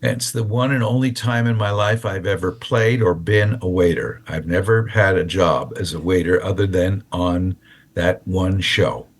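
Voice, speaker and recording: A man in his seventies, an actor telling stories as a guest in an interview, who restarts and repeats words and stretches some words out slowly. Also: deep voice. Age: 70s. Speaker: actor and voiceover artist, guest. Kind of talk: casual interview storytelling.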